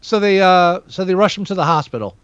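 A man co-hosting a podcast, reviewing a film in casual chat, rambling with many restarts and animated asides. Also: sits high, fairly quick, clean tone, no room sound. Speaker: podcast co-host. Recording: dull lo-fi dry sound.

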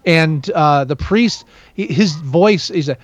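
Lively high-voiced man rambling about a movie. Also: slow, no echo. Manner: rambling, many restarts, animated. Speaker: podcast co-host. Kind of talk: casual movie review chat. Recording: dull lo-fi dry sound.

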